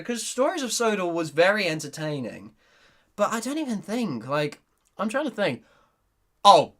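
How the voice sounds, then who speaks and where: A man's voice: on the high side, bright, forceful tone. A young man, hosting a casual livestream Q&A, reading chat and rambling with frequent giggles. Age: young adult. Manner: giggly, rambling, restarts sentences often. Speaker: YouTuber and voice actor hosting a Q&A.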